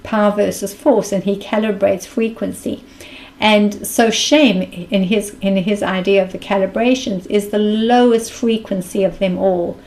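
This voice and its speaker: A woman's voice: mid-range voice, fairly even intonation, measured pace, darkish tone, rough recording. A woman with a South African accent giving a reflective mindfulness talk as a spiritual speaker, earnest and thinking aloud.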